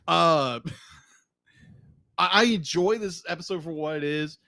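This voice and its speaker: A man's voice: a little high, slow pace, vocal fry, sharp tone, no echo. A man co-hosting a podcast in casual chat, laughing easily and restarting sentences as he goes. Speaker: podcast co-host.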